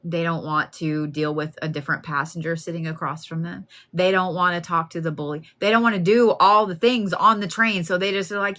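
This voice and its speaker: A woman giving a card reading in a chatty, plain-spoken way, full of animated asides. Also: fairly low pitch, fairly quick, hardly any pauses. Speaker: card reader.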